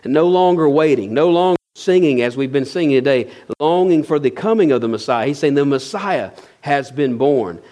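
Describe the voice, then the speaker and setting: A man's voice: a little high, animated, normal speed, hardly any pauses, mellow. A man preaching a sermon in a conversational way, asking the congregation rhetorical questions and now and then laughing lightly as he talks. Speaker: pastor.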